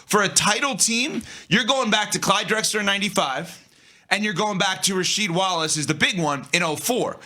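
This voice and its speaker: A man co-hosting a sports talk show, arguing his take in an animated way and speaking straight to the audience. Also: high-pitched, normal speed. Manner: animated, talks to the audience directly.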